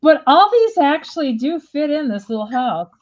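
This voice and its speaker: A woman hosts a live sale in a chatty, rambling way and laughs easily as she talks. Her voice sits a little high. The audio is somewhat dull and lo-fi. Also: sing-song, moderate pace. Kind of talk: casual live-stream selling.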